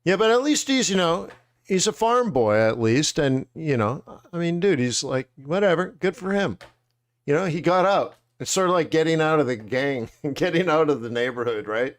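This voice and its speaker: A man hosting a live trading webinar, chatting casually in slangy, animated storytelling that acts out quotes. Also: on the high side, normal speed. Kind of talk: casual chat.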